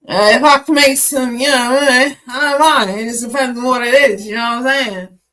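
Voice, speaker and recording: A woman's voice: fairly high pitch, steady tone, normal speed, a bit bright, poor audio. A woman hosting a live tarot stream, chatting casually with viewers by name in slangy, loose talk.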